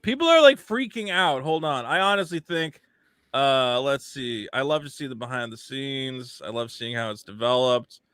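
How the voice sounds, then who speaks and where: A man's voice: medium pitch, expressive, normal speed, fairly bright tone, clear, resonant tone, no echo, studio quality. A man hosting a casual comedy podcast, rambling cynically and slipping into mock voices to quote people. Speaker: podcast host.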